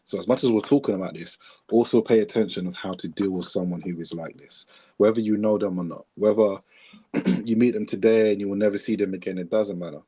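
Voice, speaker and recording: A man's voice: lowish voice, fairly even intonation, fast talker, mellow, slightly rough. A man co-hosting a podcast, commenting in a casual, reflective way with emphatic repeated phrases. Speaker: podcast co-host.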